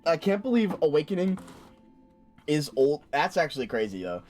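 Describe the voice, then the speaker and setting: A man's voice: fairly high pitch, sing-song, moderate pace, darkish tone, faint music behind. A man casually commenting on a game he streams, chatty and stumbling as he reads menus aloud. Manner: chatty, stumbles and restarts, swears when surprised.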